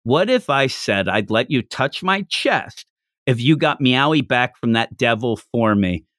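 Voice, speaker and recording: A man's voice: medium pitch, animated, unhurried, fairly bright tone, no echo, clean studio sound. A man voicing a scheming female fiend girl who coaxes in a comic reading. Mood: coaxing.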